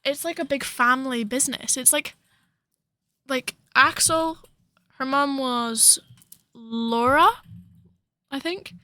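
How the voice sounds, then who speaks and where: A woman's voice: high-pitched, slow pace, pauses often, sharp tone, dry recording. A young woman co-hosting a podcast, chatting casually and rambling with lots of fillers. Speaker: podcast co-host. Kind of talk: casual chat.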